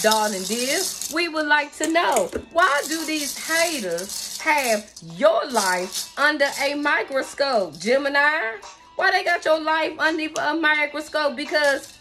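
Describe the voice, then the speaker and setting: Sassy high-voiced woman tarot reader. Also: sharp tone. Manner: sassy, emphatic, drawn-out stresses with pet names. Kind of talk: tarot reading channeling messages.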